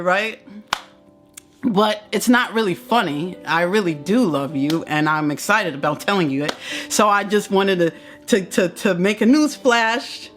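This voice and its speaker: Female motivational host, unhurried, affectionate and excitable, light music underneath. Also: medium pitch. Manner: effusive, affectionate, repeats herself, giggles often; excitable, shrieks during countdowns. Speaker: motivational speaker and channel host. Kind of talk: live-stream motivational talk, chatting with viewers.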